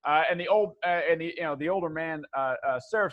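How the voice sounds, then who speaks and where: A man narrates a tabletop game as game master in a fairly high voice, rambling loosely through his descriptions. The sound is dull and lo-fi. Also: fast. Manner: rambling, many fillers and restarts. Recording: dull lo-fi recording.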